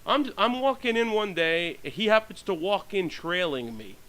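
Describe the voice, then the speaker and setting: A man's voice: sits high, animated, a little slow, pushed and bright, low-quality recording. A man telling rambling stories in a blunt, profane monologue, full of fillers and restarts. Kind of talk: ranting storytelling monologue.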